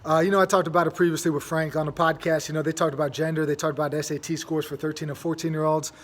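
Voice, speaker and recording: A man's voice: on the high side, level tone, very fast. A young man hosting a casual monologue, rambling with many fillers and restarts. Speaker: host.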